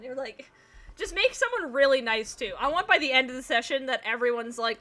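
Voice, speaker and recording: A woman's voice: on the high side, fairly quick, pushed and bright, soft background music. A woman streaming a video game, chatting casually and sleepily, swearing freely and laughing often. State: sleepy, yawning. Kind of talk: casual chat while playing a video game.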